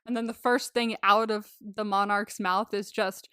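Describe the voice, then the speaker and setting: A woman's voice: medium pitch, unhurried, hardly any pauses, smooth, no room sound. Giggly woman podcaster, dry close sound. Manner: animated and giggly, acting out quotes; swears freely. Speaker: podcast co-host. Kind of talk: casual chat recapping a movie.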